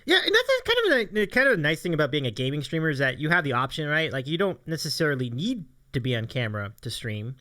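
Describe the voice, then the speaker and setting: A man's voice: a little high, wildly swooping pitch, fast talker, few pauses, bright, forceful tone. A man co-hosting a casual live-streamed talk show, upbeat and enthusiastic, often repeating himself. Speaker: podcast co-host. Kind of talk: casual chat.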